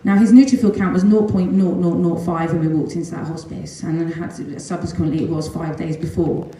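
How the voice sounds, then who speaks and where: A middle-aged woman tells a personal story with earnest, animated feeling, scattering ums and small nervous laughs. Her voice is on the lower side and mellow. The recording carries heavy, roomy echo. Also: brisk. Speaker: mother giving a testimonial. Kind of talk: emotional personal storytelling talk. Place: large echoey room at a talk event. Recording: very echoey room.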